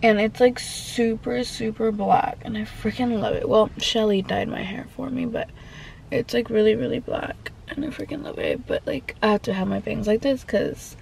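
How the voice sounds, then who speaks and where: Chatty young woman, gravelly and winded. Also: a little high, steady tone, moderate pace, a little mellow, slight background noise, poor audio. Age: young adult. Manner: chatty, rambling, lots of "like". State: out of breath. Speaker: vlogger. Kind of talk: casual vlog chat.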